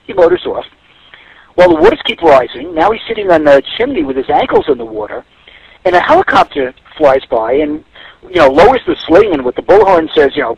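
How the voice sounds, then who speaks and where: A man's voice: high voice, wildly swooping pitch, fairly quick, creaky, darkish tone, breathy edge, no room sound, dull audio. A man giving a radio interview as a guest, telling stories in a reflective way. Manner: storytelling, reflective.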